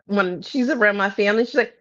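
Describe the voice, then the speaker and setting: A woman's voice: mid-range voice, fast talker, a bit bright. Teasing woman co-host on muffled call audio. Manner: teasing, joking, playful asides. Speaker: podcast co-host. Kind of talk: casual chat. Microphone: video call. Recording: dull lo-fi video call audio.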